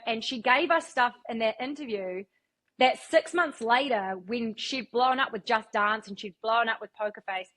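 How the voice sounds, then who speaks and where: A woman from New Zealand with a fairly high, slightly bright voice is a guest in a casual interview. A radio broadcaster, she's a chatty storyteller who swears freely as she shares her stories.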